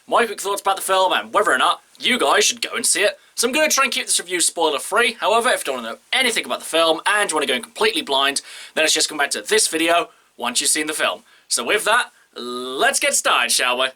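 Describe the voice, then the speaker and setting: A man giving a casual spoken film review to camera, chatty and animated, speeding up and slowing down. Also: fairly high pitch.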